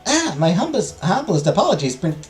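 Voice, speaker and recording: Man doing a meek young maid, pleading, high and apologetic. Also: big pitch swings, brisk, faint music behind. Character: timid young lady-in-waiting, apologetic and meek.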